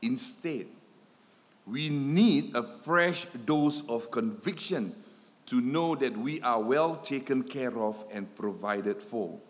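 A man delivers a sermon in a church hall, his medium-pitched voice lively in intonation yet taking things slowly. He swells and drops his loudness dramatically and repeats himself for emphasis. The hall adds a long reverb.

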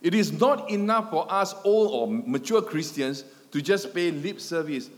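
In a church hall with long reverb, a man preaches a sermon, dramatically swelling and dropping his volume with emphatic repetition. His voice is on the high side, unhurried, with few pauses.

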